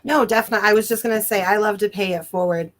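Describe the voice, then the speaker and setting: Reassuring woman giving a psychic reading. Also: medium pitch. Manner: reassuring, drawn-out emphatic phrasing. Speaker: psychic reader. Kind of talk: live-stream psychic reading.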